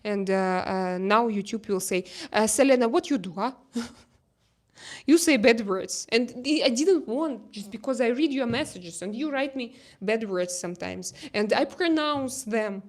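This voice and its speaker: A young woman with a Russian accent chatting casually on a phone live stream, halting with fillers and restarts, reading chat messages. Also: fairly high pitch. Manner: halting, many fillers and restarts, laughs easily. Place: home terrace.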